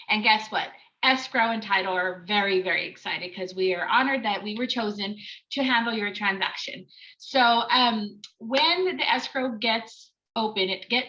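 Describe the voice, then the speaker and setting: A woman giving a webinar training on escrow and title, talking quickly and excitedly with many ums and uhs. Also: fairly high pitch. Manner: fast, excited talk with many fillers. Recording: slightly dull lo-fi webinar audio.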